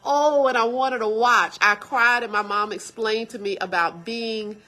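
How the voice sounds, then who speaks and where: A woman's voice: a little high, measured pace, pushed and bright. A middle-aged woman co-hosting a church livestream, chatting casually and laughing as she reads viewer comments.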